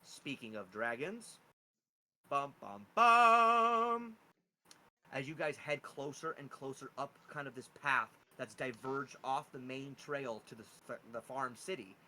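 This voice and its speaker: Bright-voiced male game master narrating. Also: mid-range voice, slight background noise, rough recording. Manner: descriptive, casual, hums little sound effects.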